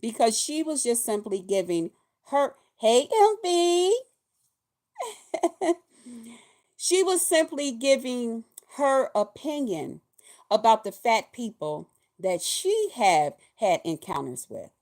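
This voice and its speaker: A woman's voice: fairly high pitch, big pitch swings, unhurried, a little mellow. A woman hosting a weekly livestream, chatting casually and folksily with her viewers, greeting and thanking them directly. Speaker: host of a weekly live show.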